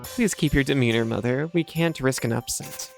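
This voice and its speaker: A man's voice: medium pitch, moderate pace, creaky, lightly acted. An anxious, earnest young son, voiced by a man, pleading and urgent, his voice pushed a bit above the reader's own. Faint music runs behind this game dialogue. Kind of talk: reading game dialogue aloud.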